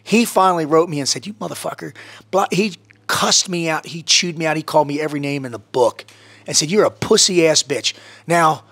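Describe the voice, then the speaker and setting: Male podcast guest, fired-up and foul-mouthed storyteller, slightly high voice. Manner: intense, profane, animated storytelling. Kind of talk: casual chat.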